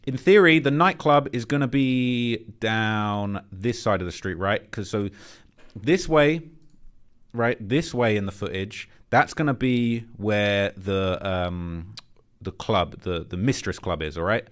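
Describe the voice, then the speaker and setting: A man's voice: on the low side, slow pace. A man hosting, walking viewers through video footage in a conspiratorial, hinting commentary style. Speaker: host. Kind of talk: casual commentary.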